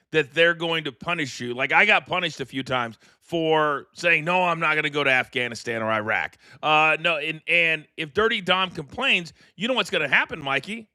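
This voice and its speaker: A middle-aged man hosting a live wrestling watchalong, ranting in animated, incredulous commentary from a studio mic. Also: on the high side, clean tone, dry recording. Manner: animated, incredulous, rambling rants. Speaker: host.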